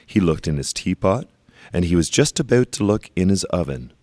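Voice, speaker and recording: Storybook reader: man, very deep voice, slow and emphatic, dry close sound. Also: lively intonation, darkish tone, no room sound. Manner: slow, emphatic on repeated phrases. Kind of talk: storybook read-aloud.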